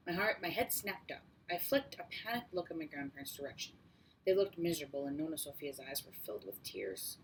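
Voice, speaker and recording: A woman narrating a first-person audiobook in a steady, measured way. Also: low-pitched, a little hiss or hum, rough recording. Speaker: audiobook reader.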